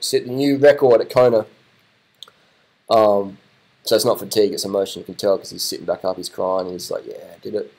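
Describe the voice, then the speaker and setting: Excitable man, lowish voice. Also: poor audio. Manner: excitable, repetitive, swears casually. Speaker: video commentator. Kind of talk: casual live reaction commentary.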